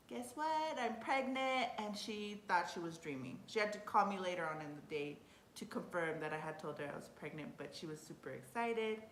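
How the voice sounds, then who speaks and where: A young woman tells a personal story to the camera in an easy, chatty way. Her voice sits a little low, and she gets excited, laughs often and restarts her sentences. The room sounds echoey, with a faint rumble underneath. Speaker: vlogger. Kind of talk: casual storytelling.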